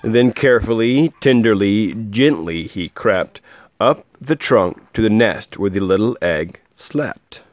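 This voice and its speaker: A man reads a rhyming storybook aloud to a child in a low voice that swings lively up and down in a sing-song way. He drops into soft asides between verses. The recording is dry and dull, lo-fi, with no room sound. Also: unhurried, dry recording. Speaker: reading a picture book to a child.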